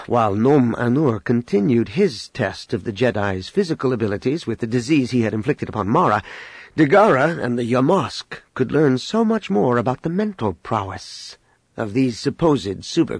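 A man narrating an audiobook in a steady, expressive storytelling manner. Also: mid-range voice, slightly rough, no room sound.

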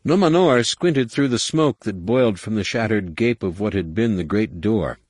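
A man reading an audiobook in a measured, dramatic narration. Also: on the low side, lively intonation, darkish tone, dry recording, studio quality. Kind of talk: scripted narration.

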